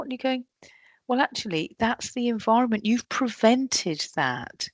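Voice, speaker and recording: A woman's voice: fairly high pitch, moderate pace, no echo. A woman giving a leadership workshop talk, often acting out what colleagues say. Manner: lively, acts out quoted colleagues. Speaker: workshop trainer.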